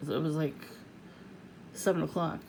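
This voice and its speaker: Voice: mid-range voice, fairly even intonation, normal speed, gravelly, background noise. An adult vlogger venting in a casual, profane rant to the camera, laughing often.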